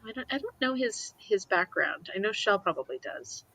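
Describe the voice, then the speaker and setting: A woman's voice: mid-range voice, lively intonation, normal speed, sharp tone, breathy edge, rough recording. A woman musing thoughtfully in casual book chat on a video call.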